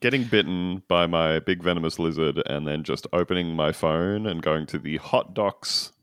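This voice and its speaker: A man's voice: deep voice, normal speed, a bit bright, clear, resonant tone, no echo. A man co-hosting a comedy podcast, dropping wry quips. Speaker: podcast co-host. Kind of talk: casual comedy chat.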